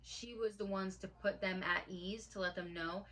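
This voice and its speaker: In a low-quality recording, a woman in her late twenties tells a personal story for a casual vlog. Her mid-range voice is steady and a bit bright, moving at a moderate pace with few pauses. She sounds earnest and heartfelt and uses lots of fillers.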